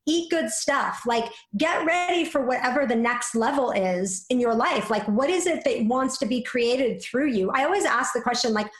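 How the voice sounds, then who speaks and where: A woman's voice: fairly high pitch, animated, normal speed, few pauses, roomy sound. A woman talking in a casual conversation, reflective and flowing, often adding "like" and "right?".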